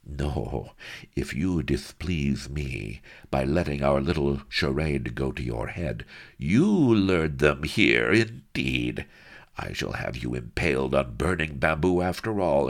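A man voicing a mad, obese tyrant viceroy who lisps and hisses, cruel and prone to shrill screams, in an audiobook. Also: animated, takes it slowly, exaggerated voice. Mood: gloating menace. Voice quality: lisping, hissing, sibilant. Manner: sadistic, swings to shrill screams. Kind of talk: audiobook character voice.

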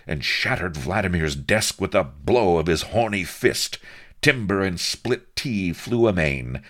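A man reading a comic adventure story aloud as narrator, with wry, lively storytelling. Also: low voice, takes it slowly. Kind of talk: audiobook narration.

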